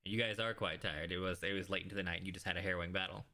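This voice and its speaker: Dm guy with a low voice, kinda bright and crisp, lots of ums while he narrates. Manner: relaxed, halting narration with many fillers. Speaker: dungeon master. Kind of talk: narrating a tabletop game.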